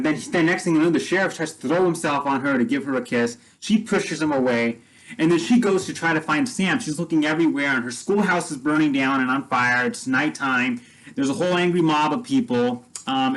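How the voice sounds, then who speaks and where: A man casually retelling a story in his own plain voice. He rambles, repeats himself, and leans on fillers as he goes. The tone is relaxed and conversational. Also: on the high side, fairly quick, rough recording.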